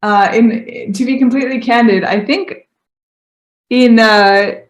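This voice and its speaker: A woman's voice: on the high side, fairly even intonation, slow pace. A woman hosting a podcast, speaking in casual interview talk with hesitant, candid reflection. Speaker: podcast host. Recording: echoey room.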